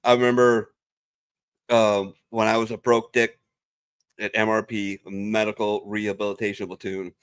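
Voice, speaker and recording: A young adult man, a veteran panelist on a video call, telling stories in a casual, profane and animated way. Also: on the low side, normal speed, smooth. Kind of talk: casual storytelling chat.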